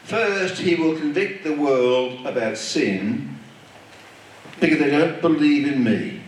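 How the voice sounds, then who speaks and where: A man delivers a sermon in an emphatic, repetitive preaching cadence. His voice sits a little high and rises and falls with great animation. He speaks slowly, and the recording is captured from a distance in a very echoey hall. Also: lively intonation.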